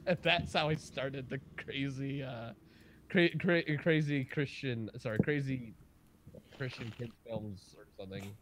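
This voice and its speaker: A young man holds a casual livestream chat in an ordinary middle-pitched voice. He tells crude stories with a lot of energy and swears freely. He sounds like a host entertaining his guests. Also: a little slow, background noise. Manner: excitable, profane storyteller.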